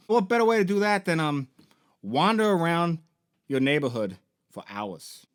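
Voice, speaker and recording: A man's voice: on the high side, lively intonation, brisk, fairly bright tone, clean tone. A young man hosting a casual recap of a game series, rambling and swearing, with many fillers. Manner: rambling, profane, full of fillers. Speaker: toy and game store host.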